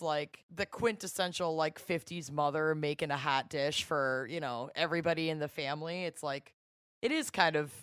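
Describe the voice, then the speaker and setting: A woman's voice: deep voice, clear, resonant tone, no room sound, studio quality. A woman with a Minnesotan accent, a podcast guest chatting in a wry, blunt, playful way. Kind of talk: casual chat.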